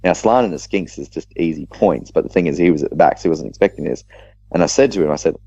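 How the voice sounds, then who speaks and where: An Australian man tells a gaming story in a casual podcast chat, full of quick restarts. His voice sits very low and mellow. The dry sound of the recording is a little dull and lo-fi. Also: no echo. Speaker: podcast co-host.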